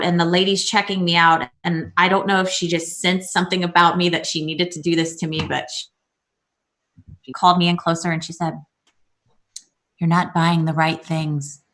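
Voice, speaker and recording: A woman in her thirties co-hosting a casual chat, telling a story in a lively way with many restarts. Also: fairly low pitch. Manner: chatty storyteller, animated retelling with many restarts. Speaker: co-host. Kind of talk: casual video-call chat.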